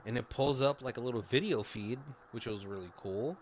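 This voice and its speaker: A man co-hosting a podcast, retelling a film's plot in a loose, rambling way, full of swearing and asides. His voice sits at an ordinary pitch for a man. Faint background noise hums under the recording. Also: normal speed, hardly any pauses. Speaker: podcast co-host. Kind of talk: casual movie recap chat.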